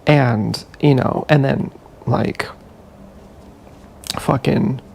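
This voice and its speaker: Rambling man with a gravelly voice. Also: medium pitch, drawn-out words, darkish tone, slight background noise. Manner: rambling and confessional, with many restarts. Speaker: vlogger. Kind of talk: casual monologue. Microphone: action camera.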